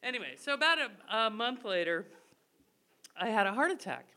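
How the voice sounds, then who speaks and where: A woman's voice: on the high side, sing-song, normal speed, bright, forceful tone. A woman telling a funny personal story live on stage, chatty and self-mocking, laughing as she goes. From Irish family. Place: live stage show before an audience.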